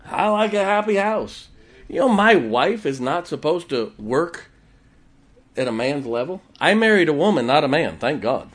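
In a sermon delivered at a moderate pace, a man with a voice on the high side acts as storyteller and pastor, animatedly performing the quoted voices of his characters.

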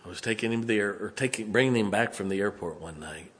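A man in his fifties, a pastor preaching a sermon, telling a personal story and dropping to a hushed, emotional tone. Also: on the low side, quick pace.

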